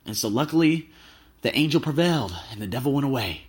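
A thirty-year-old man, a travel vlogger, telling stories casually and excitably, swearing freely. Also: mid-range voice, quick pace, breathy edge. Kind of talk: casual storytelling.

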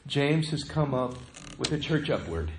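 A man preaching a sermon as pastor, animated, swinging from loud to hushed. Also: medium pitch, measured pace. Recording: echoey room, faint noise.

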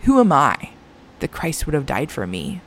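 A woman's voice: deep voice, wildly swooping pitch, normal speed, a little hiss or hum. A young woman talking candidly to her viewers as a Christian mom vlogger, earnest and confiding, with lots of filler words. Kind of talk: candid personal talk to camera.

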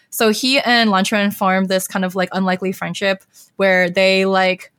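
A woman's voice: mid-range voice, little pitch movement, normal speed, a bit bright, clear, resonant tone, dry recording. A young woman hosting a podcast, casually recapping a story in a chatty way with many fillers. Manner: chatty, heavy use of filler "like". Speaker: podcast host.

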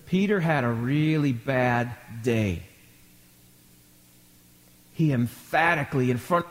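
Male pastor, high lively voice, slow deliberate delivery, dramatic quoted lines, long church reverb. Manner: acts out quotes with sudden loud high bursts; asks the congregation questions. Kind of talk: live sermon.

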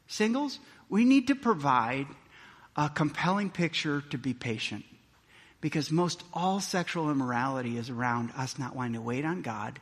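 Male pastor, slightly high and husky, preaching with big swings in loudness, church hall echo. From Milwaukee, Wisconsin. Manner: swings from quiet earnest tones to loud, excited storytelling. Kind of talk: sermon.

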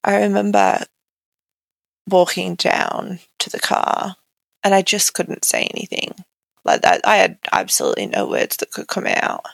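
A woman's voice: mid-range voice, big pitch swings, unhurried, creaky, no room sound. A young woman as an interview guest, telling her own story candidly and conversationally, with many "like" fillers. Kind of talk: personal account in an interview.

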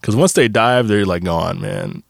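A man's voice: on the low side, huge pitch swings, a little slow, vocal fry, no echo, clean studio sound. A young man hosting a podcast, talking in a loose, rambling and profane way, full of fillers and restarts. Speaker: podcast host. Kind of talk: casual monologue.

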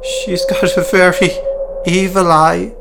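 A man voicing a weeping, panicked middle-aged townsman who pleads in a high, strained voice. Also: wildly swooping pitch, takes it slowly, creaky, over loud music, full character voice. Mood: fearful.

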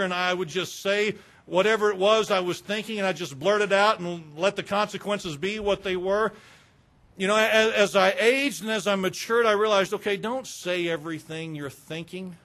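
A male pastor from the American South with a notably high-pitched voice. He preaches frankly and in an easy, conversational manner. He often drops into personal confessions as he talks. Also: fairly bright tone. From Southern United States. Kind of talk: sermon.

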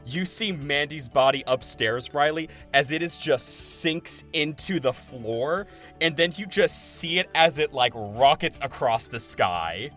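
Male game master, slow delivery with fillers, faint music behind. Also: fairly high pitch, animated, fairly bright tone. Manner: slow, halting, many fillers. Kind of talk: narrating a tabletop game.

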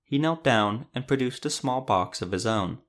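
A man reads a fantasy story aloud in a steady storytelling manner. His voice sits in an average range for a man. The reading is scripted and paced for an audiobook. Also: medium pitch, moderate pace. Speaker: narrator.

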